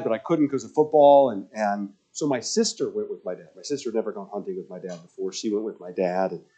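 A man preaching a sermon as pastor, telling stories and acting out the voices of people he quotes, swinging between loud and hushed. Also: fairly low pitch. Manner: animated storyteller, acts out quoted voices, swings loud to soft.

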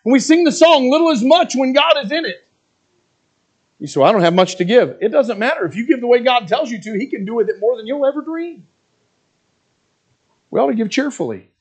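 Middle-aged pastor guy preaching, earnest, voice up high and jumping around. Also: lively intonation, a little fast, long pauses, breathy edge. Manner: earnest preaching with mocking quoted asides. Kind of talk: sermon.

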